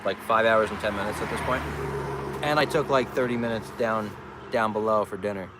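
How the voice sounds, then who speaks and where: A man's voice: lowish voice, fairly quick. Joking man livestreaming by a road. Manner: joking, laughing, greets passing traffic. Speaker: farm livestreamer. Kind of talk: casual livestream chat. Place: outdoors by a road with traffic. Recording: outdoor street noise, passing cars.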